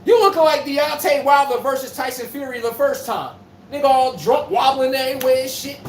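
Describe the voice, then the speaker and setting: A man hosting a live-streamed sports podcast, talking to the chat in a loud, profane trash-talking manner. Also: very high voice, fairly quick. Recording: echoey room from far off, faint noise.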